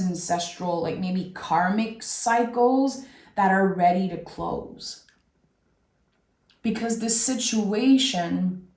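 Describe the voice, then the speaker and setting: A woman doing a tarot reading, speaking softly and with feeling. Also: medium pitch, reverberant. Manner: slow, soft-spoken and emotional. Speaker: tarot reader.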